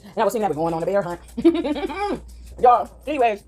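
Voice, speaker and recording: A woman vlogger telling stories in a rambling, animated monologue, tagging "right?" onto her sentences. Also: on the high side, moderate pace. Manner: rambling, says "right?" constantly; animated, dramatic. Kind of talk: casual storytelling monologue.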